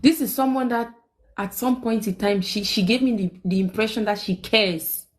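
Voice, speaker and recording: A young woman, hosting a live stream and telling a personal story in casual chat. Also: moderate pace. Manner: animated, quotes people with big pitch jumps.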